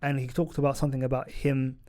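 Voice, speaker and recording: A man's voice: mid-range voice, fast talker. A man, co-hosting a casual TV review chat and retelling scenes animatedly. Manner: animated storytelling, recounts scenes with laughs. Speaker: podcast co-host.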